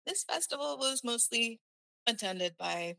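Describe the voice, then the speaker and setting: A woman recounting a personal experience in a halting, candid way, often restarting her sentences. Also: fairly high pitch, expressive, vocal fry, sharp tone, no echo.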